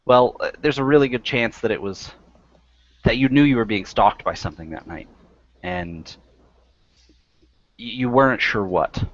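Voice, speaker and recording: A man's voice: medium pitch, moderate pace, long pauses. A man running a tabletop game as game master, rambling and interrupting himself as he sets up the next scene. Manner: rambling, self-interrupting, friendly asides. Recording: dry, muffled lo-fi recording.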